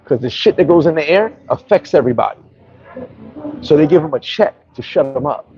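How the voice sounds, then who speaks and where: A man's voice: a little high, animated, a little fast, dark tone, breathy edge, dull audio. A man from New York telling brash, profane stories in a casual storytelling monologue as a vlogger.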